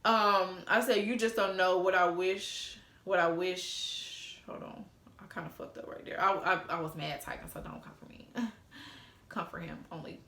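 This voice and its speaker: A woman's voice: fairly low pitch, fairly even intonation, moderate pace, a bit bright, roomy sound. A young woman in a casual storytime vlog, bluntly and profanely reading out old text messages. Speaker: storytime vlogger.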